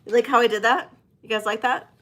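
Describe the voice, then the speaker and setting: A woman's voice: a little high, steady tone, fast talker, a bit bright. A woman selling jewelry in a live-stream auction, chatty and hesitant with many fillers. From United States.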